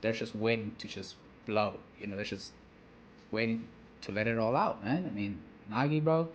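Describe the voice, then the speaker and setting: A man's voice: fairly low pitch, moderate pace, highs cut off, slight background noise. A man giving casual reaction commentary on a manga, rambling with slang, "you know" fillers and frequent restarts.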